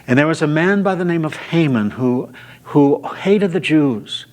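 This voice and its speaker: A man teaching a Bible study, retelling scripture stories at an unhurried pace with frequent filler sounds. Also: a little high, expressive.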